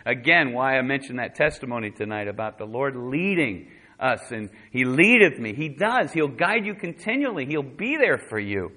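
A man preaching a sermon with passion, reading scripture and dropping from hushed tones to loud bursts. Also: medium pitch, sing-song, normal speed. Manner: reads scripture aloud in King James wording. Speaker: pastor.

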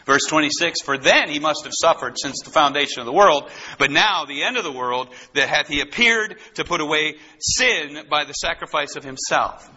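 A man preaching an expository sermon, emphatic and animated, repeating key phrases. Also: fairly high pitch, normal speed, slightly rough. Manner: animated, emphatic repetition with rising bursts. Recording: dull lo-fi recording.

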